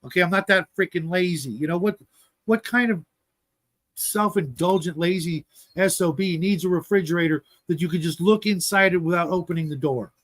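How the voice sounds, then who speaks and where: A man's voice: high-pitched, normal speed, a bit bright. A man co-hosting a casual livestream chat, ranting in an exasperated way with lots of fillers. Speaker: podcast co-host.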